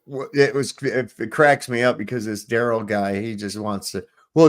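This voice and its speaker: A man's voice: medium pitch, moderate pace, few pauses. A man hosting a stream, chatting bluntly and crudely and telling a long joke with put-on voices. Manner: crude, blunt, storytelling with pirate voice. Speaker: stream host. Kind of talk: casual profane chat and joke telling.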